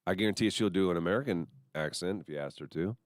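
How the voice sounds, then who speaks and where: A man's voice: sits low, quick pace, no room sound, studio quality. A man co-hosting a morning radio show, joking loosely with his co-hosts and reading out listener comments. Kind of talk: casual morning show banter.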